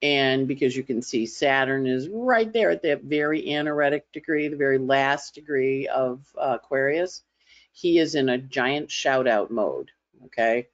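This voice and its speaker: A woman's voice: very deep voice, moderate pace. A woman astrologer giving a casual weekly forecast, talking in a chatty, conversational way and slipping into playful voices as she imitates others. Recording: slightly dull lo-fi audio.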